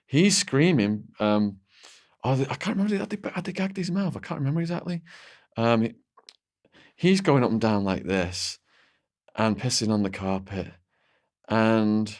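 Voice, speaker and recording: A man's voice: fairly low pitch, expressive, measured pace, pauses often. A man as an interview guest, recounting a personal story vividly, with many "like"s and restarts.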